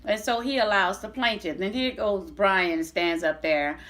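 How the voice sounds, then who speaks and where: At an unhurried pace and in a mid-range, slightly bright voice, a middle-aged woman chats to her viewers through a long personal story. She's outspoken and foul-mouthed, with many restarts in her sentences.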